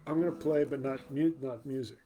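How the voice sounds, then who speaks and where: A man's voice: medium pitch, mellow. A man hosts his own casual show and tells a joke in a loose, rambling way, doubling back over his words. A faint hiss sits under his voice. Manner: rambling, halting storyteller with restarts. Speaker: show host. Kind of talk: casual joke-telling chat.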